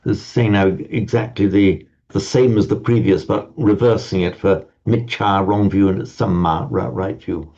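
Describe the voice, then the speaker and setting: A man's voice: on the low side, normal speed, hardly any pauses, warm tone. A man teaching a language class, lecturing in a digressive way with frequent stammered restarts and wry asides. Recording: dull lo-fi recording.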